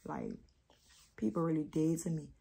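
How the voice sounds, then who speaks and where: New mom vlogging, low husky voice, rambling and candid. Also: female voice, huge pitch swings, dark tone. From New Orleans. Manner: candid, rambling, slow with many pauses. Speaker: vlogger, mother. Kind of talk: emotional casual vlog talk.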